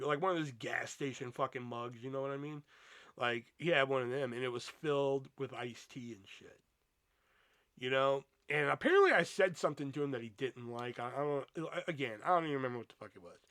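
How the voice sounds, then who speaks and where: A man's voice: a little high, no echo. A young man hosting a podcast, telling a rambling story with a lot of swearing. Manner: profane, rambling, animated storytelling. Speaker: podcast host. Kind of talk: casual storytelling monologue.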